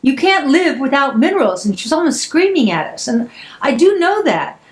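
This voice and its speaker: An older woman hosting a podcast, chatting casually and telling stories with emphatic, animated delivery. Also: sits high, normal speed, poor audio. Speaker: podcast host. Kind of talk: casual chat.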